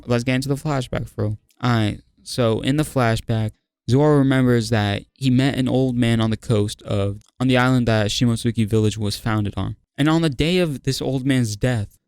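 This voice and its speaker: A man's voice: medium pitch, creaky, a little mellow, dry recording, studio quality. A young man recapping a manga chapter in casual, slang-heavy talk, hyped and laughing often, saying "bro" constantly. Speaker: manga review host.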